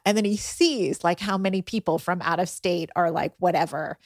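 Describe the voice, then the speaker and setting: A middle-aged woman, a guest on a chat show, telling animated stories about her son with exasperated asides. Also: fairly low pitch, normal speed, no room sound, clean studio sound. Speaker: podcast guest, parent. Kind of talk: casual chat.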